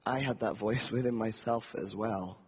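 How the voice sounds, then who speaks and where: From a podium in a hall, a man gives an earnest, reflective personal testimony, acting out the inner voices in his story. His voice sits on the low side, husky, at a moderate pace. The recording is dull and lo-fi, with a long hall reverb.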